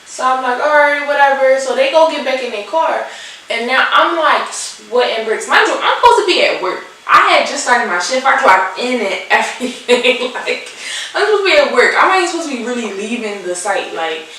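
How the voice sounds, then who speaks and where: Animated young woman. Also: fairly high pitch, moderate pace, recorded from a distance. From Philadelphia. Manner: animated, swearing, acts out the people in her story. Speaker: vlogger. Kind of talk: storytime vlog while doing makeup. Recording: echoey room, off-mic, faint hiss.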